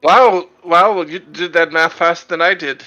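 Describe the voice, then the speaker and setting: A man playing a tabletop game, excitable and stammering through restarts. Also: a little high, a little slow, no room sound, faint music behind, poor audio. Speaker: player.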